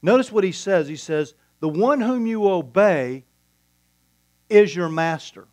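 Slow, higher-voiced male preacher. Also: expressive, a little mellow, dry recording. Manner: storytelling with quoted dialogue, deliberate pauses. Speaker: pastor. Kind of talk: sermon.

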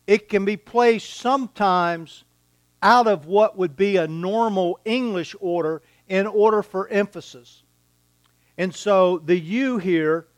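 A man preaching an expository sermon, teaching deliberately and repeating key words for emphasis. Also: sits high, clean tone, dry recording.

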